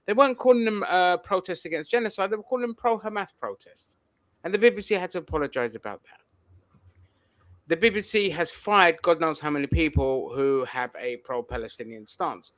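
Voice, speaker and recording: A man with a slightly raised pitch talks bluntly in a casual political discussion and swears freely. His voice sits close and dry on the mic, with no room sound. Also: pushed and bright, no echo.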